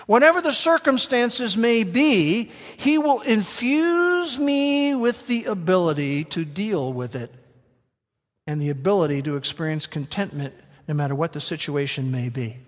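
High-voiced man preaching in a reverberant hall. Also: expressive. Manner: emphatic, slows down to stress key words. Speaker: pastor. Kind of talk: sermon.

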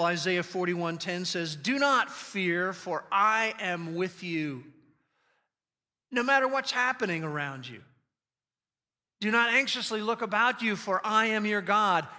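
A man preaching a sermon as pastor, speaking emphatically with slow, deliberate stresses on quoted scripture. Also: high voice, sharp tone. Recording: long reverb of a large hall.

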